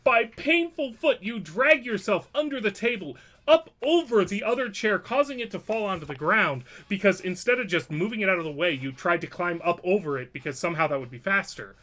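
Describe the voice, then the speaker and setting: Here is a man with a high, sharp voice running a tabletop game as dungeon master. He narrates with a cheeky, swearing humor and often breaks into laughter. His tone stays crisp and forward throughout. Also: lively intonation, fairly quick, few pauses. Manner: playful, profane, laughing while narrating.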